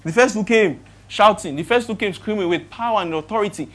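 Impassioned preacher with a Nigerian accent. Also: medium pitch. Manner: impassioned, swings between loud emphatic build-ups and quiet, slowed-down points; asks rhetorical questions of the congregation. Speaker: pastor. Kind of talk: sermon.

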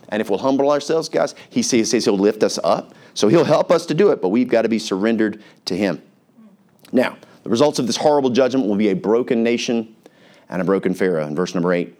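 A man's voice: fairly low pitch, expressive, brisk, darkish tone. A male pastor preaching a sermon in an earnest, conversational way, reading scripture aloud.

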